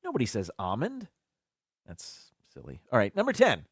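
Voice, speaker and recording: Guy on a live stream, lively pitch, dry close sound, just chatting away. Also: brisk, slightly rough, no echo. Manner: chatty, muses aloud about word pronunciations. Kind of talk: casual solo live stream.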